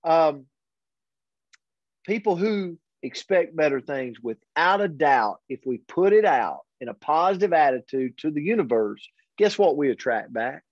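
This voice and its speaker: A man hosting a daily motivational pep talk, earnest and energetic, speaking directly to his audience. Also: a little high, unhurried, dry recording. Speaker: host and motivational coach. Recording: dull, lo-fi dry recording.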